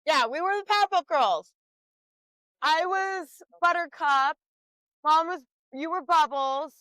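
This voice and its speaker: A young woman co-hosting a podcast, telling family stories in loud, profane casual chat. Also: extremely high pitch, takes it slowly, dry recording, low-quality recording. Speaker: podcast co-host.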